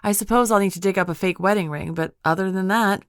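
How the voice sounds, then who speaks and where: An eager, playful young American woman, voiced by a woman narrator, lifting her voice higher than the narration. The delivery is bright and lively. The audiobook sound is close and dry. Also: fast, smooth, no echo, lightly acted.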